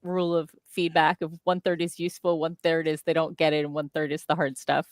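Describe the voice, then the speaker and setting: A woman hosting a casual writing stream chat, upbeat and quick to laugh. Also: deep voice, flat delivery, dry recording, clean studio sound. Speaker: stream host.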